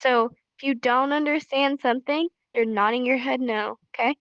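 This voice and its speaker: A young woman teaching sign language on a live stream, chatty and animated, repeating herself for emphasis. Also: high-pitched, normal speed, clear, resonant tone, dry recording, muffled recording.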